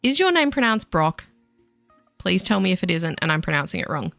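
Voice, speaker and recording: A woman talking loosely to her stream as she builds, rambling and self-deprecating. Her voice sits a little low for a woman, and faint music plays underneath. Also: very animated, brisk, vocal fry, a bit bright, no echo. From Australia. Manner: chatty, self-deprecating, talks to chat while building. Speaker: game streamer. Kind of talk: casual chat while gaming.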